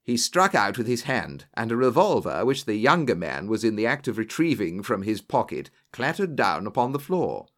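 A man narrates a story in a storytelling manner. His pitch swings widely from line to line, and he gives the people in it voices of their own. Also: normal speed, hardly any pauses. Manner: lively storytelling with varied character voices. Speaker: audiobook narrator. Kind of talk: scripted narration.

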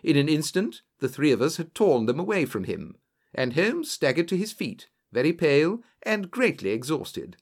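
A man's voice: on the high side, very animated, normal speed. A man narrating a story aloud, telling it with varied character voices. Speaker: audiobook narrator. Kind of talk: scripted narration.

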